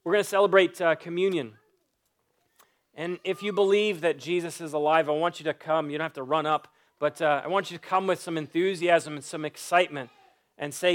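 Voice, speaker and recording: A man's voice: a little high, steady tone, fairly quick. A male pastor preaching an Easter sermon and leading prayer, earnest and pleading, repeating phrases for emphasis.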